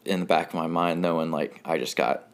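A young man with a deep, low voice tells a story in an easygoing, rambling way. He is from North Carolina and fills his sentences with "like" and "um", laughing now and then as he talks. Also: steady tone, a little fast. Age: 20s. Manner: rambling, lots of fillers and laughs. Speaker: guest. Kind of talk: casual storytelling.

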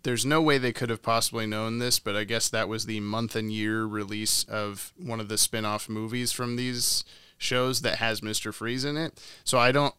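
Bright, clear-voiced man chatting casually. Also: fairly low pitch, fairly even intonation, moderate pace, no echo. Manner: laughs often, tries funny voices. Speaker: podcast co-host. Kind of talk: casual chat.

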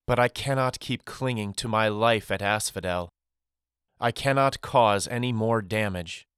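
A man voicing a soft-spoken grieving mother. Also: on the low side, clean tone, dry recording, clean studio sound. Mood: tender. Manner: soft, tender, measured. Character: grieving gentle mother saying farewell. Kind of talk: audiobook character voice.

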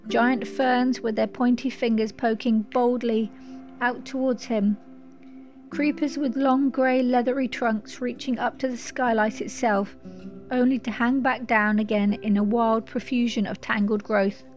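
A woman's voice: on the high side, fairly even intonation, darkish tone, lo-fi sound, faint music behind. Woman reading a storybook aloud. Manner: measured, descriptive. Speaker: narrator. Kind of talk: scripted storybook narration.

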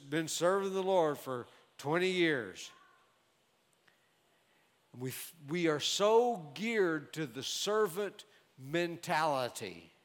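A man preaching a sermon, explaining scripture in a measured, emphatic way. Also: on the high side, fairly bright tone. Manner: measured, emphatic Bible exposition. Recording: long reverb of a large hall.

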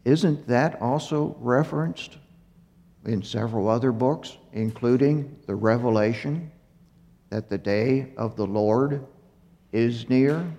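Slow, breathless man teaching scripture. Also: medium pitch, creaky, warm tone. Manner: slow, halting, with fillers and self-corrections. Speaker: Bible teacher. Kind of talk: unhurried Torah teaching. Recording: muffled recording in a reverberant hall.

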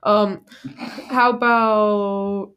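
A woman's voice: mid-range voice, level tone, extremely slow, clean tone, lo-fi sound. Playful woman guessing game answers. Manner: playful, jokey, laughs often. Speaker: contestant. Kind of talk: casual game chat.

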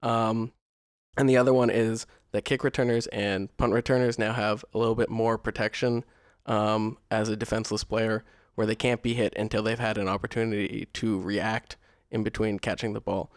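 A young man co-hosting a podcast in casual chat, relaxed and rambling, with many fillers and restarts. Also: fairly low pitch, normal speed, no echo, studio quality. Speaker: podcast co-host.

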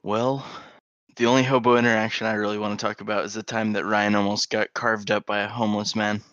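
Man, animated storyteller, bright edgy tone, podcast chat. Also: on the low side, fast, dull audio. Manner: animated storytelling, swears freely. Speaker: podcast co-host. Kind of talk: casual podcast banter.

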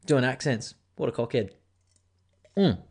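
A man in his thirties with an Australian accent talks loosely and at length, swearing often and sliding between stories. His voice sits at an ordinary middle pitch. He sounds relaxed and a little tipsy as he chats to his listeners. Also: measured pace, slightly rough. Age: 30s. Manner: rambling, swearing, tipsy banter. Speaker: podcast host. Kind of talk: casual chat.

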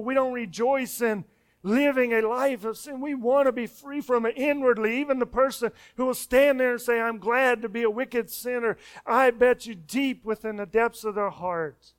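Man preaching, high voice, smooth and clear, emphatic, drops to a hush. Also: moderate pace. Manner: repeats words and restarts when speeding up. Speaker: pastor. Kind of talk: sermon.

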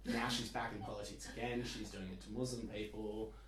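Lower-voiced Australian man, thoughtful and wry. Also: fairly even intonation, brisk. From Perth, Australia. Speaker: podcast guest. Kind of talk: casual podcast chat. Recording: echoey room, light hiss.

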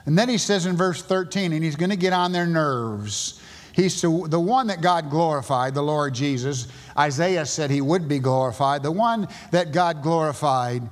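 Southern preacher in a reverberant church. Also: male voice, moderate pace. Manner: emphatic preaching, rising to loud high bursts. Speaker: pastor. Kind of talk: sermon. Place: church sanctuary.

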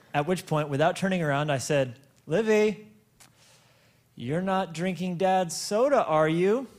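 A man preaching a sermon, telling a story with many stammered restarts and repeated words, and slowing down to stretch words for emphasis. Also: medium pitch. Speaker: pastor.

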